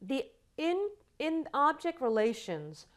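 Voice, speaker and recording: Brief: female lecturer, slightly higher voice, animated storytelling in class. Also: slow pace. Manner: storytelling with acted quotes, animated delivery.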